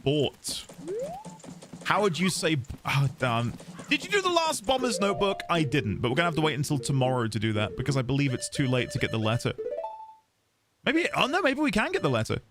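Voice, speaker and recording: A man's voice: a little high, wildly swooping pitch, fast, over music. A man chatting playfully on a game livestream, reading chat aloud and laughing often. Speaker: livestreaming gamer. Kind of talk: casual live-stream chat.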